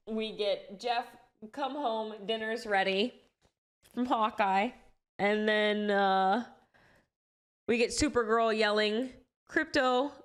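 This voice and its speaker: A young woman chats loosely to her stream audience at a mid-range pitch. She swears freely and restarts her sentences as she goes. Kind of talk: casual live-stream chat.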